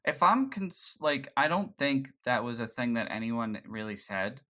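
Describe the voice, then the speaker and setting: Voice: mid-range voice, a little slow, a bit bright. A podcast co-host in casual chat, retelling scenes in a loose, rambling way with restarts. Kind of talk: casual pop-culture chat.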